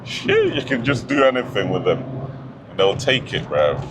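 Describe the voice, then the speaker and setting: Young guy, relaxed slangy car-vlog chatter, mid pitch, heavy engine noise under the mic. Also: a little slow. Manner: casual slang-heavy chatter, laughing often. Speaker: car vlogger. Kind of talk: driving commentary. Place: inside a car on the road. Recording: loud engine and road noise.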